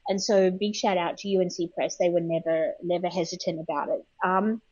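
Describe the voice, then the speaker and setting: A woman's voice: lowish voice, steady tone, brisk, a little mellow, dry recording, muffled recording. Chatty woman from Australia, remote line. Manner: chatty, laughing, many fillers. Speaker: guest historian. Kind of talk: interview answers.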